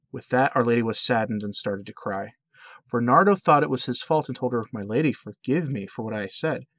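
A man narrating a religious account in an earnest, steady reading with occasional slips. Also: lowish voice, no room sound.

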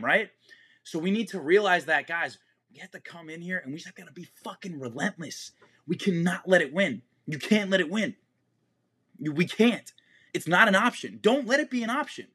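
A man's voice: high voice, animated, brisk, pushed and bright, breathy edge. A young man hosting a fitness podcast, giving an intense motivational monologue full of swearing and repetition.

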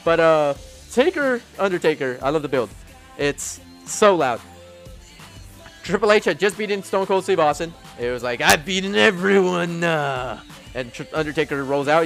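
A man's voice: fairly high pitch, fairly bright tone. A man hosting a casual podcast, rambling through stories and acting out quotes with frequent laughs. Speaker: podcast host. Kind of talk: casual wrestling chat.

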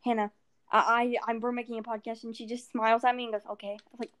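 A woman's voice: fairly high pitch, flat delivery, fast, a bit bright. A teenage girl co-hosting a podcast, chatting casually, giggly and rambling, stumbling over her words. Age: teens. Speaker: podcast co-host. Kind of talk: casual chat.

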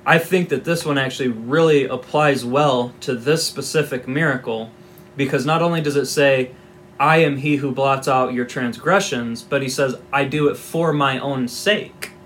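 A man's voice: mid-range voice, fairly bright tone, a little hiss or hum. A man giving an informal Bible teaching, reading scripture aloud and explaining it in a conversational, wry way with asides.

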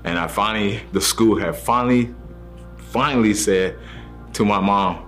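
Speaking at a normal speed in a fairly low-pitched voice, this man shares his faith testimony earnestly. He performs the voices of the people he describes, with soft music playing beneath him.

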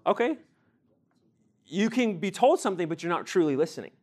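A young man teaching a sermon to a group, animated, acting out everyday scenes and quizzing his listeners. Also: sits high, brisk. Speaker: youth teacher.

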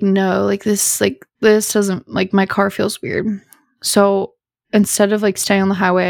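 A woman's voice: mid-range voice, creaky, no echo, studio quality. A young woman in her twenties hosting a podcast, telling a rambling, filler-heavy story in a tired, sleepy way. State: sleepy, yawning. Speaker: podcast host. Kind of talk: casual storytime chat.

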